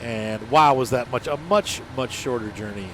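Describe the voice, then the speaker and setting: A man's voice: medium pitch, moderate pace, a bit bright. A man with a stuffed-up nose from allergies, casually commenting on his gameplay in a rambling, joking, self-deprecating way. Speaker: gaming channel host. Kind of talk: casual let's-play commentary. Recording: game engine and vehicle noise behind.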